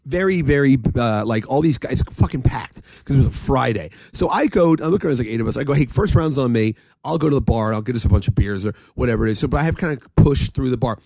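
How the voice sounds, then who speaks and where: Man, lively swooping delivery, rambling casual storyteller, dry close sound. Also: medium pitch, gravelly, no echo. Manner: rambling, animated storyteller with frequent laughs and profanity.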